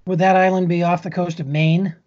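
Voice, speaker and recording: A man co-hosting a casual podcast chat, tossing out quick jokey quips. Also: high-pitched, level tone, darkish tone, muffled recording. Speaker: podcast co-host.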